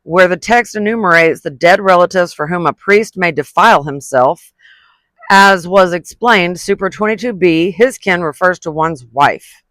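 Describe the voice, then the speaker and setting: A vlogger reading a letter aloud, pausing to add indignant asides and stumbling over unfamiliar words before retrying them. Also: medium pitch, fairly bright tone, no room sound. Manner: reads quoted passages, then breaks off into indignant asides.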